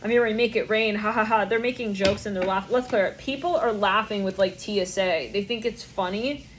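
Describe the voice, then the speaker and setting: A woman's voice: medium pitch, a little fast, slight background noise. A young woman giving a channeled tarot reading, rambling in a stream of consciousness, swearing and laughing often. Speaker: tarot reader.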